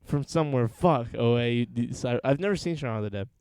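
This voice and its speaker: A man's voice: mid-range voice, a little fast, clear, resonant tone, no room sound. A young man hosting a podcast from his gaming room, talking loosely, swearing freely and laughing a lot. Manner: loud, crude and jokey, laughs often. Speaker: podcast host. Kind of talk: casual chat, swearing and joking. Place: home gaming room with several monitors.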